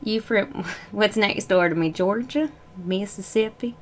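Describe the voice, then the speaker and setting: Slow-talking woman chatting while typing. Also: mid-range voice, a little hiss or hum. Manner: rambling, joking, laughs to herself. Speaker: doll hobby vlogger. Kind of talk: casual chat while working on a computer.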